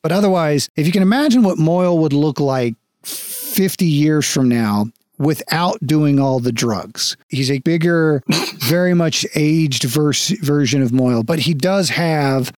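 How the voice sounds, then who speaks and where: A man with a slightly raised voice narrating a tabletop game as game master. He describes scenes in a relaxed way, and the recording is dry and close. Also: a little high, measured pace, no room sound. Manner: relaxed, descriptive, with small restarts.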